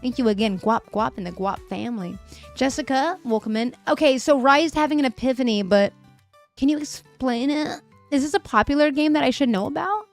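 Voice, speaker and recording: Brisk and high-voiced, a young livestream host chats casually and reads messages from viewers aloud, laughing frequently. Her voice is a bit fried and worn, and faint music can be heard behind her.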